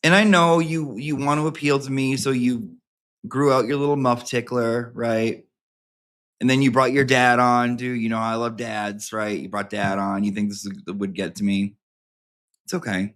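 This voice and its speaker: A man with a mid-range, fairly bright voice speaks at normal speed with little pitch movement. Hosting his channel, he chats casually and campily with a live audience, reading viewers' emails aloud with sassy asides and plenty of swearing.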